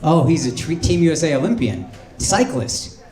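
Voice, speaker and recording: A man's voice: fairly high pitch, expressive, moderate pace. A man doing stand-up crowd work, teasing audience members in a brash, profane way. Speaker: stand-up comedian. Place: comedy club stage. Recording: roomy club with loud crowd laughter. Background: audience laughing.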